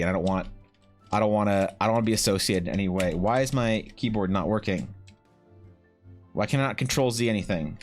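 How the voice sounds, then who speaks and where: A man talks casually to his stream at a middling pitch, rambling with lots of restarts and the odd curse. Faint music plays quietly behind him. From Canada. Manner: rambling, swears freely, many restarts. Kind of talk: casual live-stream chat.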